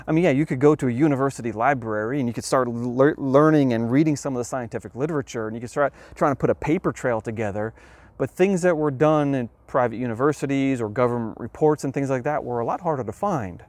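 A man giving an earnest, emphatic explanatory monologue about science, with measured pauses. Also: mid-range voice, darkish tone, no room sound.

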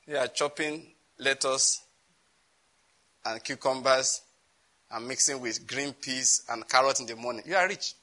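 A man's voice: mid-range voice, steady tone, unhurried, pauses often, bright, forceful tone, poor audio. A man preaching a sermon on prayer, chatty and often breaking into laughter. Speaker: pastor.

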